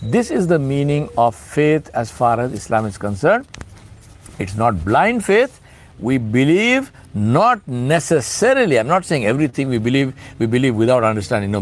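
A middle-aged Islamic speaker gives an informal sermon in a conversational way, posing rhetorical questions and acting out little dialogues. His mid-range voice is animated and moves at a normal speed.

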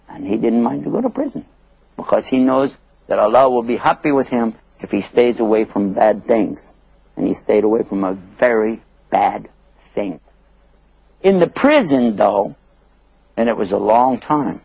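A male storyteller recounting a religious tale for children with lively, swooping intonation. His voice is husky and gravelly. The recording is dry and dull, with no room sound. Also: medium pitch, moderate pace, no echo. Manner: animated, plays many voices, asks the listeners.

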